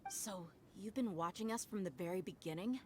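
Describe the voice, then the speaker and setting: A woman's voice: mid-range voice, a little fast, a little hiss or hum, lightly acted. An actress playing a confident woman mercenary in a game, frank and easygoing. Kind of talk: game voice acting.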